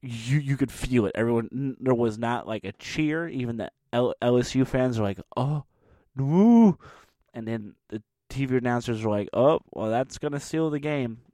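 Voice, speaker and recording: A man giving a sports commentary as an animated, mocking rant, acting out the quotes he tells. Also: mid-range voice, moderate pace, few pauses, no room sound, studio quality.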